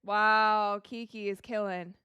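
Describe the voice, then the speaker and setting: Female watch-along host, excitable and talkative, unhurried delivery, thanks viewers on air. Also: medium pitch, clean tone, no echo, muffled recording. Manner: excitable, cries out and laughs at plays; thanks viewers for donations and answers their questions. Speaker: livestream host reacting to a basketball game. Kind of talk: casual live watch-along commentary.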